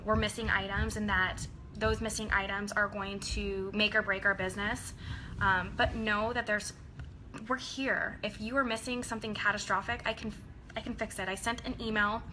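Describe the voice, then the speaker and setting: A woman's voice: medium pitch, sharp tone, a little hiss or hum, low-quality recording. A woman talking casually and earnestly to her sales team, rambling with lots of ums. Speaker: team leader addressing her downline.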